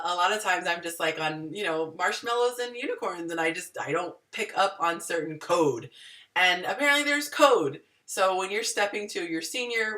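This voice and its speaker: A woman hosting a casual group video chat, an animated, self-deprecating storyteller who acts out the people she quotes. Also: on the low side, far from the mic. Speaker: host. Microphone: video call.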